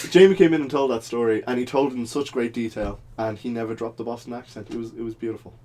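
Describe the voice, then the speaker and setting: A young man, co-hosting a podcast in casual chat and teasing his friend with quick banter. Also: medium pitch, darkish tone. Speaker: podcast co-host.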